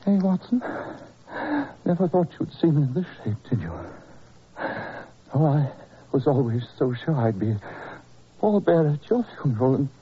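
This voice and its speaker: A dying detective in an old radio drama. He gasps and wheezes through a very husky, breathy voice, and his pitch swings wide and shrill. The dull lo-fi sound of a vintage radio broadcast frames him. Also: very animated, normal speed, long pauses, heavily acted. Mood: weak, wry. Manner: delirious, gasping, shrill outbursts. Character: feverish bedridden male detective feigning death. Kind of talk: 1940s radio drama acting.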